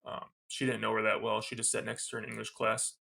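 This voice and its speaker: A man's voice: fairly low pitch, flat delivery, fast, creaky, pushed and bright. A man co-hosting a podcast, recapping a movie scene by scene in a loose, rambling way, gushing like a fan. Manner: loose and rambling, with many fillers. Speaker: podcast co-host. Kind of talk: casual movie review recap.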